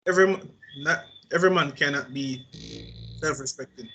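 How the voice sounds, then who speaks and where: Blunt, contrarian man, slightly high. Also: moderate pace, sharp tone, slight background noise, poor audio. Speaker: podcast co-host. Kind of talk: casual discussion.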